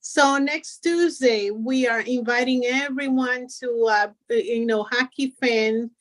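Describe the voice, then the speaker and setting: A woman with a Spanish accent and Spanish as her first language, a nonprofit founder speaking earnestly on a radio interview with many pauses. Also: on the high side. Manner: warm, earnest, halting with fillers.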